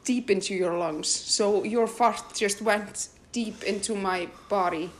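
A woman's voice: medium pitch, unhurried, slight background noise. A middle-aged woman from Iceland co-hosting a podcast, chatting casually with frequent laughs and rambling restarts. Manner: giggly, rambling. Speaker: podcast co-host. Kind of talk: casual chat.

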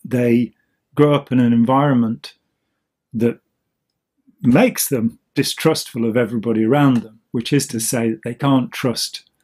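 Male co-host, husky voice, loose rambling explainer, casual chat. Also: medium pitch, steady tone, unhurried, darkish tone. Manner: rambling, with many ums and restarts. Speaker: podcast co-host.

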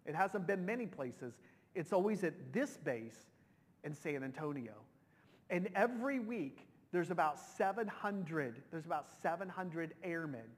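A middle-aged pastor preaches in a relaxed, conversational way, often restarting his sentences as feeling rises in his voice. His pitch sits a little high for a man. A long reverb hangs after each phrase, as in a big sanctuary. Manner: emotional, conversational with many restarts. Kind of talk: sermon storytelling.

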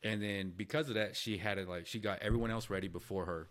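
Low-voiced fast-talking blunt man. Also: steady tone. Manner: blunt, profane, rapid-fire. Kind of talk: casual chat.

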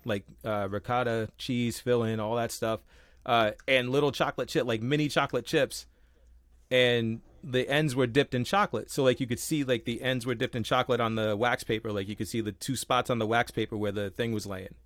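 Animated young man, dry close sound. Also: mid-range voice, brisk, no echo. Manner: animated storyteller, acts out quotes, swears casually. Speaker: podcast co-host. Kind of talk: casual podcast chat.

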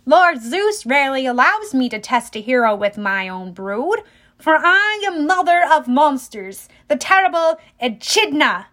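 A woman's voice: high-pitched, sing-song, a little slow, full character voice. A woman voicing a proud, vengeful female snake monster, the mother of monsters, in a storybook reading. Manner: proud, scornful, rising to raging shouts.

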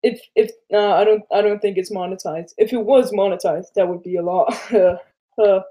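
A man's voice: high voice, fairly even intonation, moderate pace, warm tone. A teenage guy from Denmark co-hosting a podcast, chatting loosely, giggling and swearing often. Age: teens. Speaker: podcast co-host. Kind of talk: casual chat.

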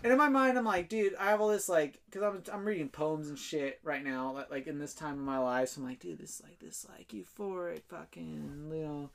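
A man's voice: fairly high pitch, brisk, few pauses. A young man telling a rambling story in casual chat, full of fillers and swearing and laughing as he goes.

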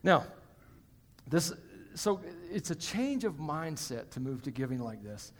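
Speaking a little slowly in a slightly high, very animated voice, a male pastor gives a sermon in a reverberant church hall. His style is conversational, with jokes for the congregation between points.

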